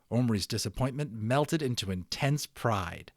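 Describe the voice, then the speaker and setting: Animated male storybook narrator. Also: mid-range voice, moderate pace, dry recording, studio quality. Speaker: audiobook narrator. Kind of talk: dramatic storybook reading.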